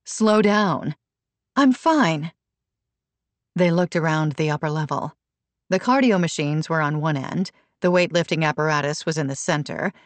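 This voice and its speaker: A woman reading a novel aloud in steady, even scripted narration at a close mic. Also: low-pitched, dry recording. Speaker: audiobook narrator.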